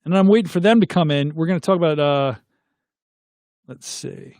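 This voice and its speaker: A man's voice: on the high side, normal speed, a little mellow, no echo, clean studio sound. A middle-aged man, hosting a casual livestream, reading viewer comments aloud and asking viewers to weigh in. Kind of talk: casual live chat.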